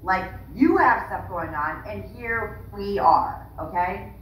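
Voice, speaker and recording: A woman's voice: medium pitch, animated, takes it slowly. A woman podcast co-host talking in a fired-up, indignant way in casual chat. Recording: roomy, distant mic, faint noise.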